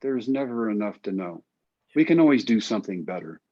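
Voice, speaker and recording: A man's voice: lowish voice, lively intonation, a little fast, warm tone. A man being interviewed who tells his story with wry, self-mocking humor and acts out the dialogue. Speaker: guest. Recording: slightly dull, lo-fi audio.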